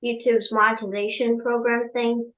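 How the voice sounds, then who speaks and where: A young attendee asking a hesitant question in a live online workshop. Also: female voice, fairly high pitch, flat delivery, moderate pace, muffled recording. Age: teenager. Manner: hesitant, many fillers.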